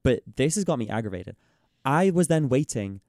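A young man in casual chat, ranting in an exasperated, animated way and mimicking the people he quotes. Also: medium pitch, moderate pace, no room sound, studio quality. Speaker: podcast host.

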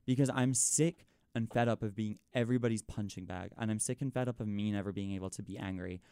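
A man's voice: fairly low pitch, quick pace, dark tone, smooth, no echo, studio quality. A young man hosting a college radio show, venting in a frustrated rant full of "like" and "it's like". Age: young adult. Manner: exasperated ranting, frequent "like" and "it's like". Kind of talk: venting on air.

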